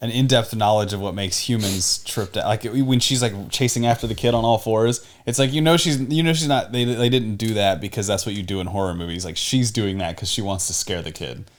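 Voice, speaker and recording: A man with a low voice chats on a podcast. He sounds relaxed and easygoing, agreeing with the others as he gives his own picks. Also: a little fast, few pauses. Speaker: podcast guest. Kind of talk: casual chat.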